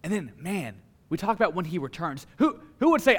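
Fairly high-voiced male pastor preaching. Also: sing-song, breathy edge. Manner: dramatic pauses, swings from hushed to forceful. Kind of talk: sermon.

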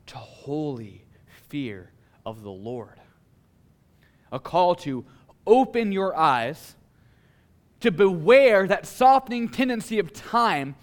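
A male pastor preaching a sermon with dramatic pauses, swinging from a hushed delivery to a forceful one. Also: on the high side.

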